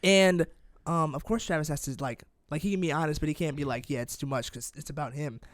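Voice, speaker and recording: A young man co-hosting a sports podcast, talking in rapid, animated bursts and often trailing off mid-sentence. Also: fairly high pitch, dry recording. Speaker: podcast co-host. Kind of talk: casual sports chat.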